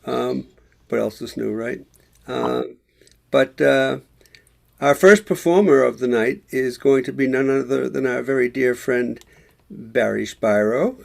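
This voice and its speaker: A man hosting an online open mic over a video call, halting and self-deprecating as he introduces the first act. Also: medium pitch, fairly even intonation, vocal fry. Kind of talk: casual hosting.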